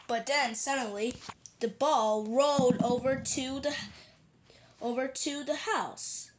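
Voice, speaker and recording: A woman narrating a homemade toy-animal play in simple, halting phrases with restarts. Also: high voice, steady tone, noisy background.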